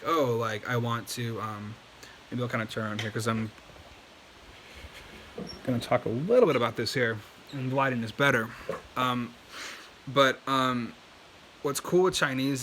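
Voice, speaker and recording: Casual male tutor, bright tone, loose and rambling delivery over faint hiss. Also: medium pitch. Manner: relaxed, chatty, many fillers and restarts. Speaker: language teacher. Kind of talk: casual explanatory lesson.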